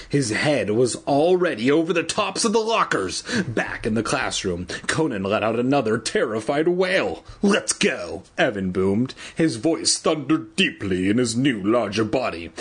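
A man's voice: mid-range voice, breathy edge. A man reading a children's book aloud casually, adding joking asides and laughing at his own slips. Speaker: reader.

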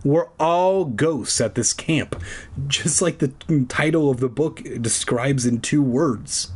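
A man voicing a sad young ghost girl in a spooky camp story, speaking softly and mournfully, with a slow, husky voice. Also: mid-range voice. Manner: soft, sighing, mournful delivery.

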